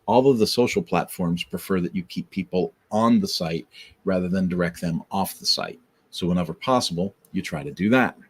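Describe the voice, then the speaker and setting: A man's voice: low voice, normal speed, breathy edge. A man hosting his own podcast, giving earnest, encouraging advice in a casual live-streamed talk and repeating his key points. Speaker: podcast host. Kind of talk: casual motivational talk to camera.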